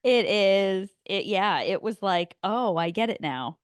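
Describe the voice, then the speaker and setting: Woman, podcast co-host, casual film chat, mid pitch, dry close sound, chatty. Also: animated, clear, resonant tone, no echo. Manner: chatty, quick reactions.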